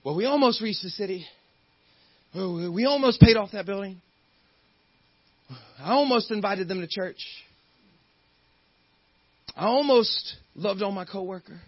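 A male guest preacher with a high voice and a slightly husky edge, delivering a lively sermon. He swings into playful character voices and builds to loud, fired-up peaks. The sound is dry and somewhat dull. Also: unhurried, long pauses, dry recording. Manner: animated, acts out the characters in the story.

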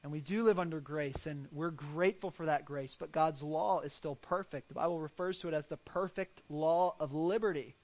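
A man's voice: a little high, normal speed, few pauses, highs cut off. A man preaching a sermon as pastor, earnest and fond of rhetorical questions.

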